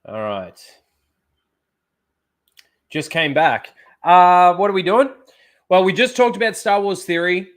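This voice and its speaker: A male livestream host talks in a slightly high voice, loose and rambling. He is blunt and swears casually as he chats with his viewers. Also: lively intonation, takes it slowly, long pauses.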